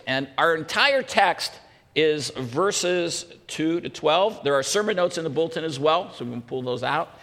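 A man's voice: fairly high pitch, gravelly, sharp tone. A male pastor preaching a sermon with earnest emphasis, repeating questions. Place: church hall. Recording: echoey church hall.

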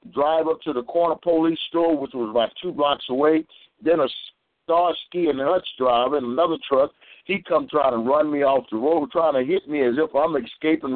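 A man preaches on a phone call, telling a long story and stumbling back over his words as he goes. His voice sits a little high. The line is tinny and dry, with no room sound. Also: no echo. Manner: storytelling, repeats and restarts words. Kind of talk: preaching testimony.

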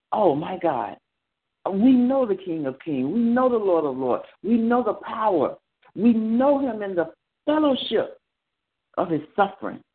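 A man leads a morning prayer with the fervor of a sermon, repeating his phrases and pushing his voice up into cries. His voice sits a little high and swings widely in pitch. The sound comes through a thin, phone-like line. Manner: fervent, repetitive exhortation with rising cries. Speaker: preacher leading morning prayer.

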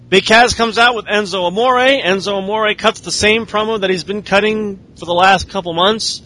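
Sardonic man recapping, high bright voice. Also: steady tone, moderate pace, few pauses. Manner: sardonic, profane storytelling. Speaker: podcast host. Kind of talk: casual wrestling recap chat.

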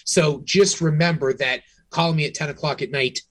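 A man's voice: on the high side, fairly even intonation, normal speed, a bit bright, dry recording. A man co-hosting a real estate podcast, talking frankly and casually, often restarting his sentences. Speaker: realtor podcast co-host.

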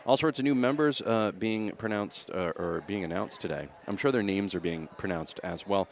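A man hosting a live radio broadcast from a local event, with brisk, upbeat announcer patter. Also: fairly low pitch, creaky. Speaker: radio host on location.

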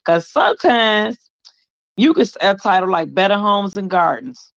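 Man, call-in show host, gravelly voice, animated slangy banter, dry lo-fi sound. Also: high voice, moderate pace, dry recording. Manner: animated, laughing, hyping callers with slang. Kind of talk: casual call-in show hosting. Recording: dull lo-fi audio.

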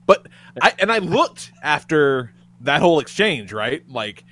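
Animated man telling a story. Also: a little high, unhurried, slightly rough. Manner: animated, profane, laughs through the story. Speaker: podcast co-host. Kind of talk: casual storytelling chat.

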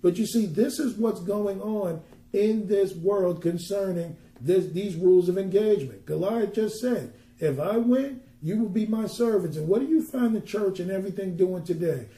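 A man's voice: sits high, normal speed, warm tone, echoey room. A man ministering, teaching a Bible passage conversationally and pressing his points with emphatic rhetorical questions.

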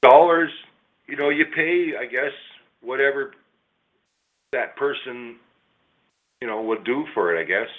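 A man's voice: medium pitch, measured pace, long pauses. A middle-aged man, a small business owner, telling a long rambling story in casual chat, swearing freely. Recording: tinny phone-like line, faint hiss.

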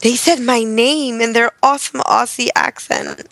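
A woman's voice: fairly high pitch, fairly even intonation, measured pace, vocal fry, fairly bright tone, dry recording. An American woman co-hosting a podcast, gushing and giggly in casual chat. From United States. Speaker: podcast co-host.

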